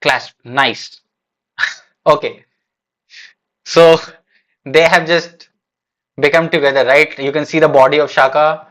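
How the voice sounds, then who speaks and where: A man's voice: fairly high pitch, steady tone, slow, long pauses, a bit bright. A man streaming a live reaction, thinking aloud in a casual, hesitant way with lots of fillers and restarts. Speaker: streamer reacting to a manga chapter.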